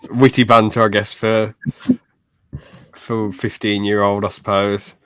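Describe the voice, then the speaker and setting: A man's voice: on the low side, little pitch movement, slow pace, fairly bright tone, no echo. Man, podcast co-host, blunt teasing manner, dry close mic. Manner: blunt, teasing, British slang. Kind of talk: casual chat.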